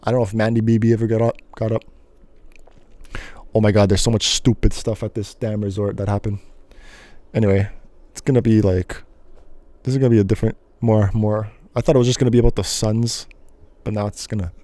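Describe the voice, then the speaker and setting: A young man tells a rambling story on his solo podcast, animated and breaking into loud yelps and snatches of song. His voice is warm and dark. The sound is dry and close, with no room around it. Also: fairly low pitch, fairly quick, pauses often, no room sound. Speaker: host.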